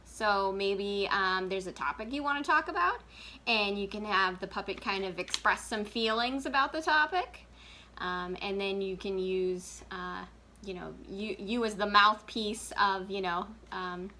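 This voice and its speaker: A woman librarian walks through a puppet craft in a relaxed, chatty way, giggling between steps and using plenty of filler words. Her voice is bright and clear, at a middle pitch. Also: unhurried. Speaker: children's librarian. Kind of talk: casual craft tutorial.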